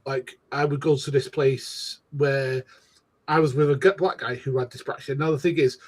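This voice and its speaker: A man's voice: on the high side, a little mellow. A man hosting a casual political discussion, rambling with frequent restarts and mild slang.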